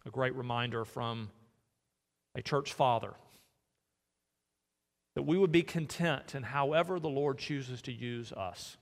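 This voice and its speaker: A man's voice: medium pitch, unhurried, pauses often. A man preaching a sermon in a church, earnest and asking his listeners direct questions. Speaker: pastor. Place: church sanctuary. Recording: long hall reverb.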